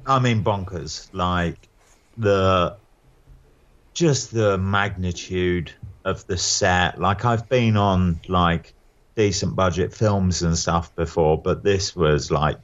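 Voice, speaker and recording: A man's voice: deep voice, slow, no room sound, lo-fi sound. A male actor guest chatting casually, rambling and self-deprecating with plenty of fillers and laughs. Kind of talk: casual anecdotal chat.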